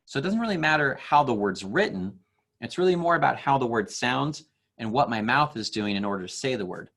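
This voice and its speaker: A young man teaching an online class for kids, explaining slowly and patiently with fillers. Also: mid-range voice, a bit bright.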